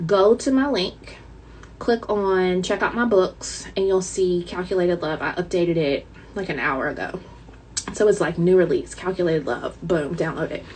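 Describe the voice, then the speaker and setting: A woman's voice: mid-range voice, slight background noise, rough recording. A woman author chatting casually to her viewers with a light Southern twang, dramatic and talkative, calling them y'all.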